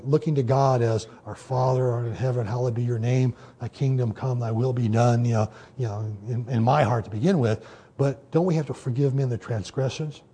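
A man preaching a sermon in a conversational teaching manner, often pausing with "okay" and "you know". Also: mid-range voice, mellow, husky. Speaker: pastor.

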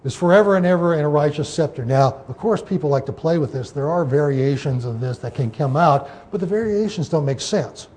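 A man's voice: on the high side, expressive, a little fast, few pauses, darkish tone. A man teaching an informal Bible study, explaining scripture in a loose way with many fillers and restarts.

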